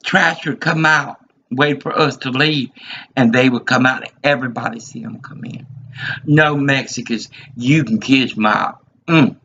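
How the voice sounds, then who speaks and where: A man's voice: mid-range voice, a little slow, gravelly, sharp tone, a little hiss or hum. A man in his fifties giving an agitated, rambling monologue, repeating himself as he vents. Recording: dull lo-fi recording.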